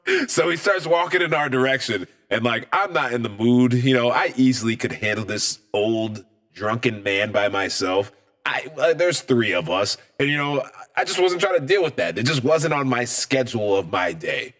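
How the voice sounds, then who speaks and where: A man's voice: medium pitch, expressive, moderate pace, a bit bright. A man from Michigan co-hosting a podcast, telling a bar story in casual, profane chat and laughing often. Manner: profane, laughing storyteller who acts out voices in quotes. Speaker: podcast co-host.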